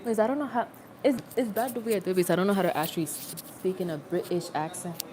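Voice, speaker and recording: A woman's voice: medium pitch, very fast, a crowd in the background. A young adult woman rambling in a casual, self-mocking livestream chat, recorded on a phone.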